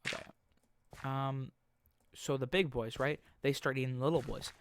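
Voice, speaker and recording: A man's voice: mid-range voice, steady tone, heavy background noise. Rambling young man telling a story while gaming. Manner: rambling, joking storytelling with quick mock voices. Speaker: gaming YouTuber. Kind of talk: casual game commentary.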